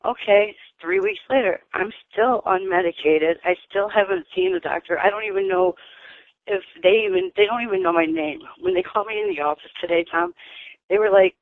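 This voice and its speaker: A woman's voice: mid-range voice, sing-song, normal speed, no room sound. A woman calling in by phone, venting in an angry, profane rush. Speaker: caller. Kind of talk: venting phone call to a radio show. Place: residential treatment facility. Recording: tinny phone line.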